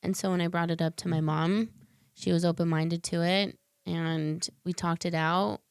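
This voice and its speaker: A woman's voice: fairly low pitch, fairly even intonation, normal speed, creaky, clear, resonant tone, no room sound, clean studio sound. A woman guest on a podcast, telling a personal story in an earnest, heartfelt way with loose, filler-filled speech.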